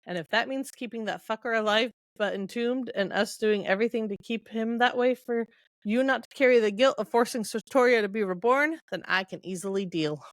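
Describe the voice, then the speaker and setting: A woman's voice: fairly high pitch, brisk, no echo, natural voice. A woman reading the lines of a devoted young male fantasy hero in an earnest, tender way.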